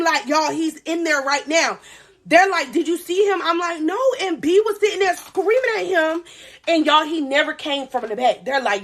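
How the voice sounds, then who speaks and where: A woman in her twenties telling a storytime on a live vlog, animated and slangy, laughing as she goes. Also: high-pitched. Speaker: vlogger.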